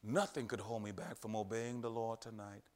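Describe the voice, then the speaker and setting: Emphatic preacher man with loud rises. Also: on the low side, level tone, normal speed. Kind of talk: sermon.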